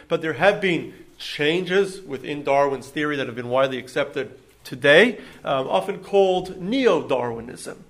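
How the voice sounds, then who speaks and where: A man's voice: fairly high pitch, fairly bright tone. Man lecturing with frequent ums. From United States. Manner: hesitant, many ums and restarts. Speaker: lecturer on Judaism. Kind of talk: public lecture to an audience.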